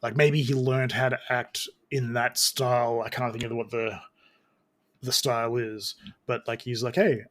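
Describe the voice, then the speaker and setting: A man's voice: mid-range voice, flat delivery, moderate pace, a bit bright. Rambling casual male podcast host. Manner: rambling, many restarts and fillers. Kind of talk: casual chat.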